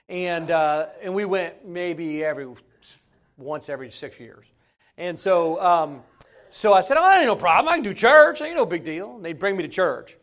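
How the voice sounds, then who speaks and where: Male pastor, high voice, animated folksy storyteller from the pulpit. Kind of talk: sermon.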